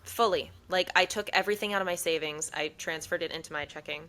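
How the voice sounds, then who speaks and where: A woman's voice: on the low side, fast talker, bright, forceful tone, low-quality recording. A young woman co-hosting a podcast, telling a long story in casual chat and acting out the people she quotes. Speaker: podcast co-host.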